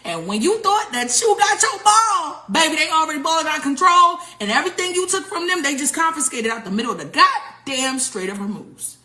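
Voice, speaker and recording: A woman riffs through casual political commentary, mocking and profane. Her voice is high and bright. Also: animated, fairly quick, few pauses.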